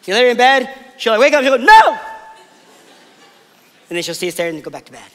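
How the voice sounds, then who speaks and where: A male pastor with a high voice preaches in a big church hall whose long reverb trails after each phrase. He talks casually, telling stories, then slows into soft, weighty pauses. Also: lively intonation. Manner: conversational storytelling, drops to soft emphatic pauses. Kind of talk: sermon.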